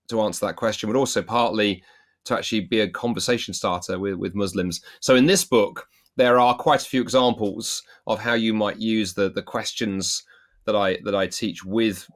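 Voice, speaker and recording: A middle-aged man from the UK, a guest author telling lively anecdotes in an interview and acting out the quotes. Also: lowish voice. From United Kingdom. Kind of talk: storytelling interview answer.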